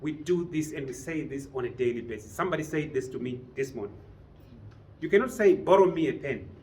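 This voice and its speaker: A man lecturing a business writing class in a training room keeps putting questions to his students. He has a medium-pitched, a little mellow voice with lively intonation, speaks a little fast, and there's a little hiss or hum.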